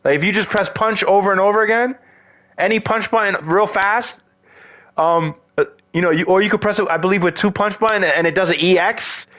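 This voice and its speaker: A man's voice: sits high, a little fast, fairly bright tone. A man ranting in a casual, profane monologue about fighting games, exasperated and slangy. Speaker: gaming vlogger.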